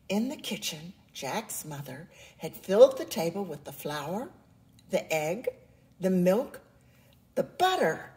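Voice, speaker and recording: Slow, expressive woman reading a story. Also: lowish voice. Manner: slow, expressive, sing-song. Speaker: children's story reader. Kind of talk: read-aloud storytelling.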